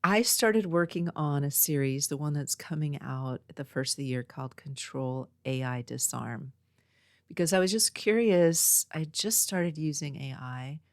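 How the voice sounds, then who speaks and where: Woman podcast host from Northern California, low voice, dry close mic, casual meandering storyteller. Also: normal speed, no room sound. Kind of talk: casual chat. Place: home next to a small post office. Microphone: own podcast mic.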